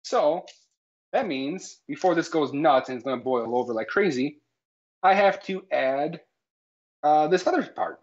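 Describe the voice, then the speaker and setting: A man's voice: a little high, expressive, measured pace. Mock-serious man holding forth. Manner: mock-authoritative, keeps tagging lines with "all right?". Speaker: cooking show co-host. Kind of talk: jokey live cooking stream chat. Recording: slightly dull lo-fi stream audio.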